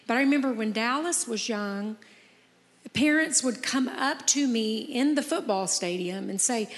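A woman's voice: fairly high pitch, animated, measured pace, long reverb tail. A woman in her fifties, hosting a podcast, talking in an earnest, encouraging way and telling personal stories. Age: 50s. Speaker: podcast host. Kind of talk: casual heartfelt chat.

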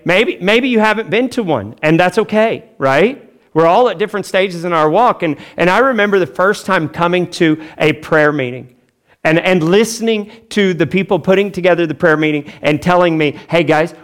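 A man preaching a sermon as pastor, talking in a chatty, joking way and acting out quotes with big pitch swings.

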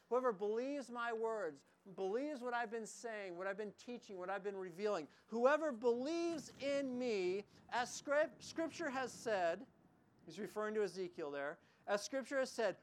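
Male pastor, expressive sermon delivery, dramatic scripture reading, chatty asides. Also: sits high. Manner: expressive preaching, reads scripture slowly with emphasis, quick asides.

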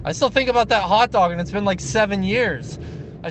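A man leaving casual voice messages, crude and excitable and swearing a lot, as a podcast co-host. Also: high voice, moderate pace, slight background noise.

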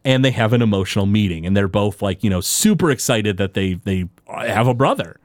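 A man co-hosting a podcast, recapping a TV episode in an animated, storytelling way with frequent fillers and restarts. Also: on the low side, brisk, no room sound, studio quality. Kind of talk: casual chat recapping a TV episode.

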